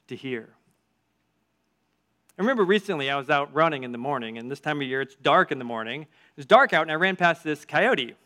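A man leading a church group, giving a lively sermon with storytelling asides and strong shifts of emphasis. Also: a little high.

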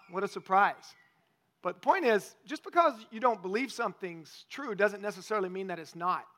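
A man of about fifty, preaching a sermon in a folksy, animated storytelling way. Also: high-pitched. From Tennessee. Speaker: pastor.

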